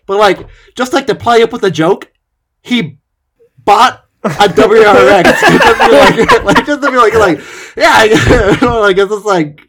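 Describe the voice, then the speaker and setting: A man's voice: high voice, very animated, a little slow, very noisy. A young man telling funny stories about his dad in casual chat, laughing often and filling his talk with "like" and "right". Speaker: podcast co-host.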